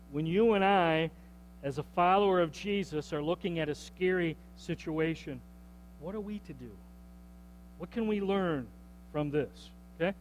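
Male pastor, sermon, high voice, chatty check-ins, faint noise behind. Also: low-quality recording. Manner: conversational preaching, frequent "okay?" check-ins and repeated words. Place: church.

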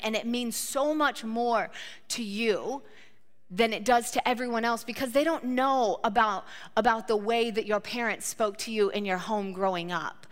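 A woman in her thirties preaching a sermon, telling a personal story in an animated, conversational way and acting out her own reactions. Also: a little high. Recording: long hall reverb.

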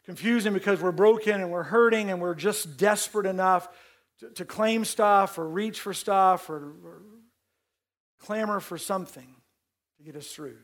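A male pastor delivers a sermon in a conversational style. His voice sits high for a man, and he doubles back on words to press his points. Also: moderate pace. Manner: conversational preaching with emphatic repeats.

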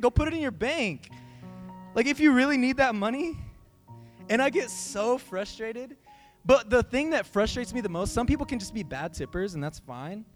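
High-voiced young man preaching casually. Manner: conversational, animated, says "like" and "right" often. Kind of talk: informal sermon.

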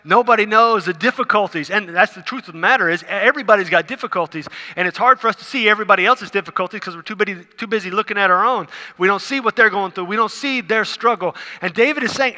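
A pastor delivers his sermon in a bright, forceful, somewhat high voice. He repeats his phrases earnestly, dropping low and then rising loud. His voice carries a long reverb from the hall. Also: quick pace, hardly any pauses.

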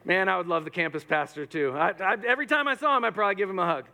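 A man preaching a sermon in a church, animated and joking, acting out quoted lines. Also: high-pitched, racing. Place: church hall with audience. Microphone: microphone.

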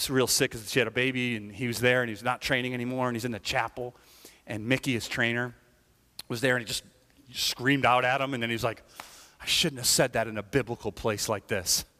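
A man's voice: mid-range voice, pushed and bright, big-room sound. A man, a pastor, preaching a conversational sermon and often checking in with the congregation by asking "right?". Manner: conversational preaching, frequent "right?" tag questions. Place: church.

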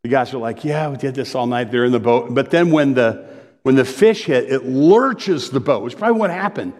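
A middle-aged man and pastor preaching a conversational sermon, telling stories in an animated way and often interrupting himself. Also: medium pitch, brisk, in a large hall. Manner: animated storytelling, self-interrupting.

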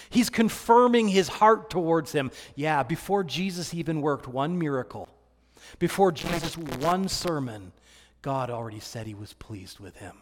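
A man preaching a sermon, swinging between hushed, quiet passages and loud, excited ones. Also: on the high side, a little slow. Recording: long hall reverb.

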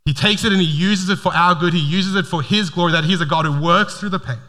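A bright, forceful man preaching to his church, earnest and stumbling over the first words of his sentences. His voice rings through a church hall with a long reverb trailing after it, picked up on a stage mic. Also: sits high, fast. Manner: earnest, repeats words when starting sentences. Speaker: pastor. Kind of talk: sermon.

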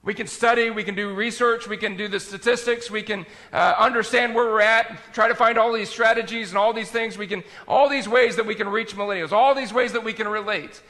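A man preaching a sermon as pastor, talking in a conversational way that swings between loud and quiet. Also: high-pitched, steady tone, fairly quick, hardly any pauses, big-room sound.

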